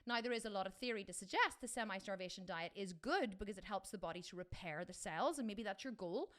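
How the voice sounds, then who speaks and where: A woman's voice: medium pitch, animated, fast, fairly bright tone. A middle-aged woman coaching fitness in a casual live Q&A, chatty and enthusiastic, with many restarts.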